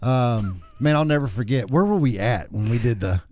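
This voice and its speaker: Casual podcast chat comes from a Texan host in his thirties or forties whose stories are crude, jokey, and meandering. He speaks at normal speed in an expressive, darkish mid-range voice, recorded dry with clean studio sound.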